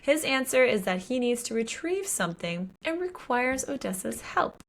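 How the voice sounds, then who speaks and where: A woman's voice: on the high side, normal speed. A woman co-hosting a podcast, casually recapping a book and acting out the characters' lines with swearing and exclamations. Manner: animated retelling with voiced quotes and swearing. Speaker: podcast co-host.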